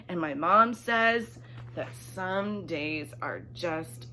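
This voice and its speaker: A woman reads a bedtime story aloud in a lower voice that swoops up and down with animated expression. She drops into soft, hushed asides. Faint background noise sits under the recording. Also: takes it slowly.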